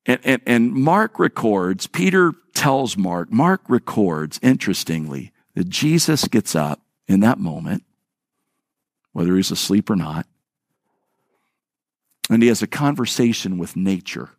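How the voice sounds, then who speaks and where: A man's voice: on the low side, sing-song, measured pace, dry recording, clean studio sound. A male pastor preaching a sermon, telling a story and acting out the voices of the people in it, often repeating words as he restarts a phrase.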